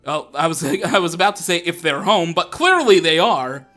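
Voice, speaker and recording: A man's voice: fairly high pitch, animated, moderate pace, bright, forceful tone, faint music behind. A young man hosting a Let's Play, chatting casually and laughing as he plays. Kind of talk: casual gameplay commentary.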